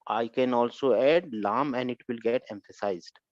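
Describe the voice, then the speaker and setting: A man teaching a grammar lesson, repeating his points and checking with a quick "huh?" to see if his students follow. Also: medium pitch, darkish tone, no echo. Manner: repetitive, keeps checking with "Huh?". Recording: dull lo-fi recording.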